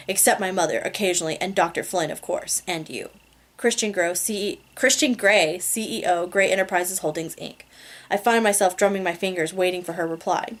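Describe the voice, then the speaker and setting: A woman reading a romance novel aloud in a casual amateur way, laughing at her own slips. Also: mid-range voice. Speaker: reader.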